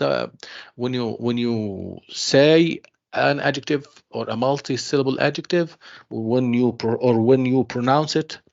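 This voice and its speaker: Male tutor, gravelly voice, patient repetitive teaching, lo-fi online audio. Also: mid-range voice. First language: Arabic. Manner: slow, repeats himself, calls students "dear students", mixes in Arabic explanations. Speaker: university English tutor. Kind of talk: online class lecture. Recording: dull lo-fi online class audio.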